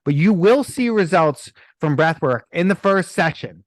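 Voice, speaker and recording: A man's voice: on the high side, unhurried, dry recording, clean studio sound. A middle-aged man, a breathwork coach in a podcast interview, telling stories and acting out the people in them. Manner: animated storytelling, acts out quoted people.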